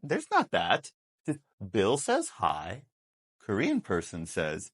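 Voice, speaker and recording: Slow, animated male English teacher. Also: lowish voice, husky. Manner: slow, emphatic explaining with acted example lines. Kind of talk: classroom video lesson. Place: classroom with a board.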